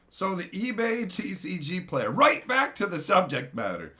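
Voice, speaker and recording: A man's voice: sits high, normal speed, few pauses. A man in his thirties chatting casually on a stream, sarcastic and jokey. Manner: animated, jokey, sarcastic, swings into funny voices. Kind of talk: casual chat.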